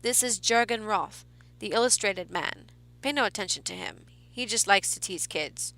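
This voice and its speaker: A woman's voice: mid-range voice, animated, normal speed, sharp tone, poor audio. A woman voicing a bossy male carnival barker who presents acts and scolds performers. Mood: stern.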